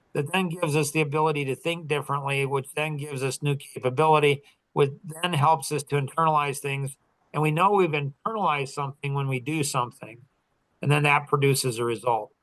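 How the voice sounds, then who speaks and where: A man's voice: on the high side, a bit bright, no room sound, poor audio. A middle-aged man coaching in a casual chat, rambling through stories with many fillers and restarts. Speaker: business coach and podcast host.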